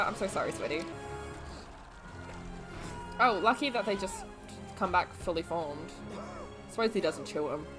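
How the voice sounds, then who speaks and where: A young Australian woman reacting to films, exasperated and swearing as she yells at the screen. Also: mid-range voice. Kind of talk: casual reaction commentary. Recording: film audio playing behind.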